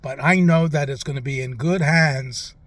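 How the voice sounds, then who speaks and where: A man playing a rambling, forgetful elderly president in a comic interview, halting and trailing off with lots of "uh". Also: a little high, fairly bright tone, dry recording, natural voice.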